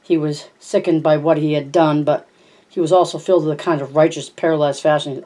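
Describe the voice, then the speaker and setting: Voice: medium pitch, steady tone, quick pace, warm tone. An amateur reader reading a novel aloud, often stumbling over words and correcting themselves. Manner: frequent stumbles and self-corrections. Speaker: audiobook reader.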